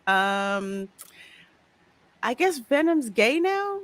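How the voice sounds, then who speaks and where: A woman co-hosting a pop culture podcast in casual chat, animated and quick to laugh, often repeating words. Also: medium pitch. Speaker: podcast co-host.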